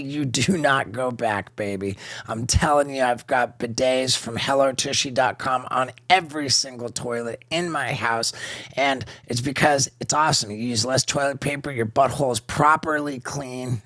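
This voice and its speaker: A man's voice: mid-range voice, bright, forceful tone, no room sound. A man hosting a casual podcast chat, telling stories with lots of laughter. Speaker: podcast host.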